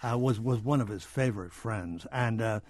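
A man's voice: on the low side, moderate pace, a little mellow, dry recording. An older man, an author and historian, reading from his book and then answering interview questions with many small restarts.

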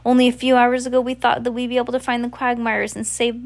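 A woman's voice: fairly high pitch, flat delivery, quick pace, gravelly, pitched above the performer's own voice. A woman reading the lines of a worried, determined, inventive teenage girl from a storybook, with occasional stumbles.

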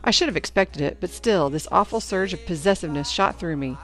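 A woman's voice: lowish voice, animated, brisk, soft background music. Woman narrating a first-person story. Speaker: audiobook narrator.

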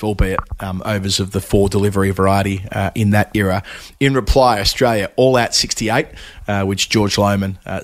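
Low-voiced man reading out stats. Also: fairly bright tone. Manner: reads out stats and stories with light humour. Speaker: podcast host. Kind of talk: casual chat.

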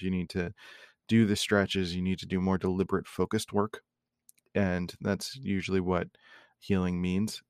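A man with a very low, gravelly morning voice hosts his own podcast. He talks in a loose, reflective ramble, full of fillers and restarts. The recording is close and dry. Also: no echo. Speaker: podcast host. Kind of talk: casual solo podcast monologue.

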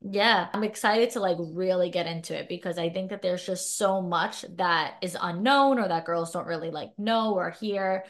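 A woman's voice: on the low side, moderate pace, few pauses. A young woman hosting a podcast interview, talking casually with many filler words. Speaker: podcast host.

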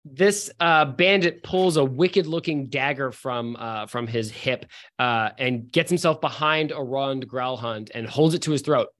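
A man's voice: medium pitch, unhurried, a bit bright. Man narrating a tabletop game. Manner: loose, filler-heavy narration. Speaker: game master.

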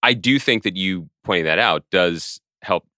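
A man's voice: sits low, normal speed, sharp tone, no room sound, clean studio sound. A middle-aged man co-hosting a podcast, chatting casually in a wry, self-deprecating way. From Philadelphia. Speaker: podcast co-host. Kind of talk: casual chat.

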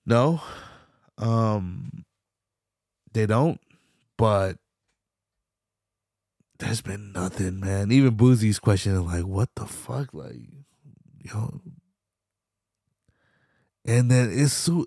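Brief: young male podcast host, gravelly low voice, loose profane rambling, dry close sound. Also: a little mellow, no room sound. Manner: loose, swearing, slangy rambling with laughs. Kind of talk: casual solo commentary.

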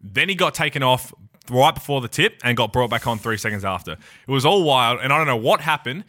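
A man's voice: mid-range voice, expressive, fairly quick, sharp tone. A man co-hosting a basketball podcast, talking in an emphatic, opinionated way. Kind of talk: casual sports chat.

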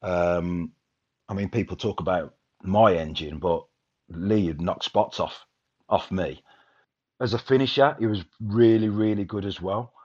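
A man's voice: deep voice, unhurried, a little mellow, husky. A man, a former footballer, reminiscing casually in a rambling way with many restarts. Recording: dull lo-fi sound.

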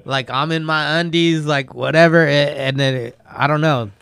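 Smooth-voiced laid-back swearing man. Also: on the high side, steady tone, normal speed, a bit bright, no echo, studio quality. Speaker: guest skateboarder. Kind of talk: casual podcast chat.

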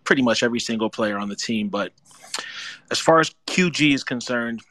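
A man's voice: medium pitch, fairly quick, fairly bright tone, no echo. A male caller on a fan call-in show who talks earnestly and a little nervously, rambling as he makes his case. His voice sits in a middle register, dry and close.

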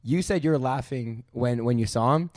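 A young man asking quick questions in casual podcast chat. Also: medium pitch, a little mellow, no echo, clean studio sound.

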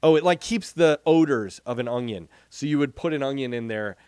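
A man co-hosting a podcast, chatting casually and telling stories with a playful, animated manner. His voice sits mid-range in pitch. The sound is close and dry, with no room echo. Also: fairly quick, clear, resonant tone. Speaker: podcast co-host. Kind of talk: casual chat.

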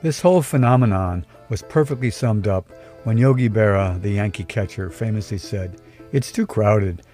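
Low, mellow male voice; wry, measured storyteller reading a personal story over faint music. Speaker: podcast storyteller. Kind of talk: scripted first-person story narration.

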